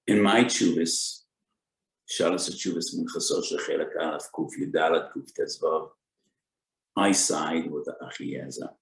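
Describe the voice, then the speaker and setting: Rabbi lecturing on Jewish law: deep gravelly male voice, slow deliberate delivery, echoey room. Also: fairly even intonation. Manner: deliberate, cites sources with Hebrew terms. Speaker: rabbi giving a Torah lecture.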